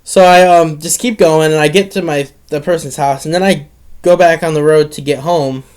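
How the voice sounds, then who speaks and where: A teenage boy recounting a late-night incident in a loose, rambling storytime monologue. His voice sits a bit high for a young man, and he keeps restarting sentences and dropping in casual swear words. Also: steady tone, moderate pace, a little mellow, clear, resonant tone.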